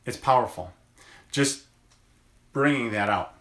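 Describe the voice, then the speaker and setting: A man who works as a chiropractor gives a motivational daily video message, talking slowly and deliberately in gentle encouragement and drawing out words for emphasis. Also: medium pitch, lively intonation, roomy sound.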